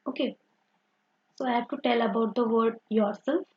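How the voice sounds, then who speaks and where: A woman's voice: on the high side, moderate pace, long pauses, darkish tone, breathy edge, highs cut off. A woman teaching an online grammar lesson, explaining step by step and often saying "simple" and "okay".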